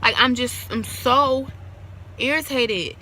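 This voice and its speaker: A woman's voice: sits high, slow pace. A young woman talking casually to her phone camera in a chatty, slangy, rambling way, partly outdoors by a parked car. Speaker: vlogger. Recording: loud street noise outdoors.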